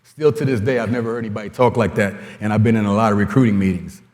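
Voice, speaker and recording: A man in his forties giving an animated storytelling talk at a coaching conference, acting out quoted dialogue as he goes. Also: fairly low pitch, rapid-fire. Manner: lively storyteller who acts out quoted dialogue. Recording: long hall reverb.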